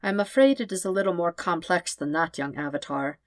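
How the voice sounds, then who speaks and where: Lady doing a tired old man, quiet and formal, lowish voice, dry close sound, audiobook reading. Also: lively intonation, brisk, no room sound. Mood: grave. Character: gentle weary old man, soft-spoken and formal.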